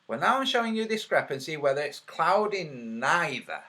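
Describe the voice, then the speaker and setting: A man making online videos, talking over his screen and counting out loud as he argues his point, his voice a little trembly. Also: on the high side, very animated, measured pace. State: slightly trembly voice. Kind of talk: screen-share commentary.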